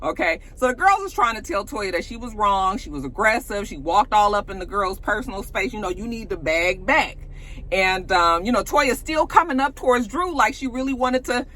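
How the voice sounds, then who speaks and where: A woman's voice: medium pitch, animated, normal speed, fairly bright tone. A woman vlogger recapping a reality show in casual, profane slang, laughing often and acting out what people said.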